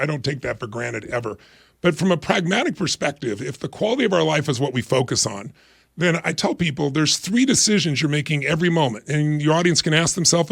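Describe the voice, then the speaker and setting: A man in his sixties, a talk show guest, energetically and emphatically explains ideas in motivational interview talk, acting out quoted voices. His medium-pitched voice is creaky, captured in a dry, clean studio recording.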